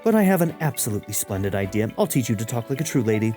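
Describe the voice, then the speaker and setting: A man's voice: mid-range voice, sing-song, very fast, warm tone, soft background music, lightly acted. A man doing a pompous, vain city lady. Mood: haughty. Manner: haughty, grandiose.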